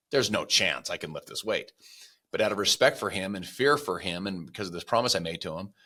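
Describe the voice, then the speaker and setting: A man with a very deep voice that has a bright, forceful edge, talking as a podcast guest. He tells motivational stories in an earnest way and puts on animated voices for the people he quotes. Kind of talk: motivational storytelling.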